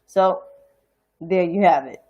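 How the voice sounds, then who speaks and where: Speaking slowly in a fairly low register, this New York woman from Harlem fires off blunt, profane, indignant rants on her casual livestream commentary show. The audio has a lo-fi quality.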